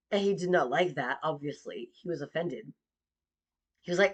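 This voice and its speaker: A woman's voice: deep voice, lively intonation, moderate pace, long pauses, slightly rough. A young woman telling a personal story in a sarcastic, mocking tone, with frequent swearing.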